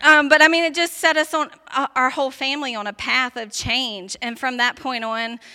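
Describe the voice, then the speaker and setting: A woman's voice: high-pitched, fairly even intonation, moderate pace, sharp tone, clear, resonant tone, dry recording, studio quality. A woman telling her personal testimony in an earnest, emphatic storytelling way, often saying "like".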